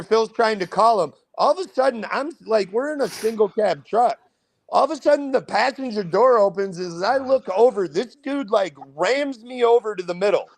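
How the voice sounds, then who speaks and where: Young man, podcast guest. Gravelly, fairly high voice, loose profane storytelling. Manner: profane, rambling anecdote telling. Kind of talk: casual storytelling.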